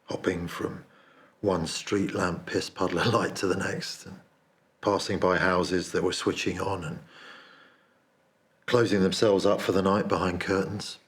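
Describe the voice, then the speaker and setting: A man performing a dramatic monologue as a remorseful man confessing a cowardly betrayal, speaking in a hushed, confessional way. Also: low voice, level tone, unhurried. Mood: haunted, confessional.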